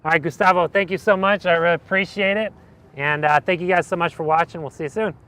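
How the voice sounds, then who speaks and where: A man's voice: high voice, steady tone, quick pace, background noise. A man hosting an interview show, upbeat and thanking his guest and viewers. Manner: upbeat, short affirmations. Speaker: interview host. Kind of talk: casual interview.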